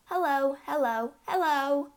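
A woman voicing a pet parrot that mimics human voices in repetitive, drawn-out calls. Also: sits high, voice pushed up. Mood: chirpy calling.

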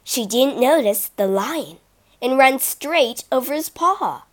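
A woman narrating children's fables in a lively, expressive storybook reading. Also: high voice, slow pace, noisy background.

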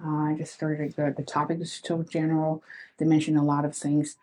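A woman's voice: low voice, completely flat delivery, brisk, a little mellow, a little hiss or hum, rough recording. A young woman hosting her own podcast, talking in an earnest, reflective way and speaking straight to her listeners. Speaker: podcast host. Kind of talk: casual solo podcast talk.

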